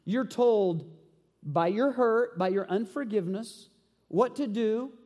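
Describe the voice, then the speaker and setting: A man preaching to his congregation in a fairly high voice, shifting from quick stretches to slow, weighty lines as he reads scripture and asks questions. His voice rings out through a hall with a long echo. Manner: animated preaching, reading scripture aloud, asking the congregation questions. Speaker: pastor. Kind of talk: sermon.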